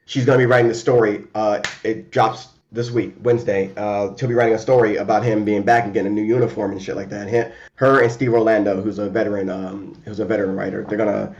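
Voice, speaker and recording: A man in a casual remote chat, talking fast and loose with lots of fillers, restarts and swearing. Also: on the low side, lo-fi sound. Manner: animated and profane, many fillers and restarts. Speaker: podcast co-host.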